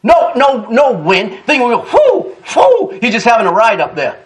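A man's voice: high-pitched, normal speed, recorded from a distance. A male pastor preaching a sermon, telling stories with laughter and acted-out quotes. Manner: animated storytelling preacher, laughs and acts out quotes.

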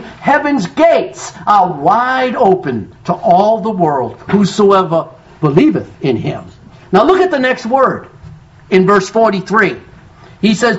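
A man's voice: very high-pitched, very animated, measured pace, fairly bright tone. A man preaching a sermon as pastor, quoting scripture with strong emphasis and calling out to his congregation for responses. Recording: dull lo-fi sound.

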